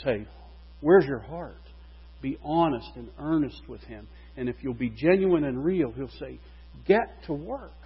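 A man preaching a sermon, animated, his voice rising and falling for emphasis. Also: on the high side, breathy edge. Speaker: pastor. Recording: dull, reverberant hall recording.

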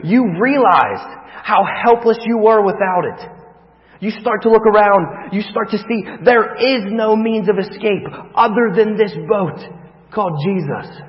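A man preaching a sermon, telling a vivid story that swings from hushed to loud. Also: high voice. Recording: long reverb, dull lo-fi sound.

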